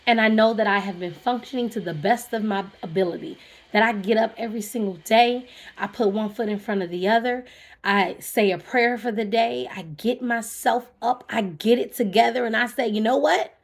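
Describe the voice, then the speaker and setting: A woman who works as a therapist talks to camera in a casual, animated way, telling a personal story. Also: on the high side, normal speed. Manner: animated, conversational, acts out her own reactions. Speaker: vlogger.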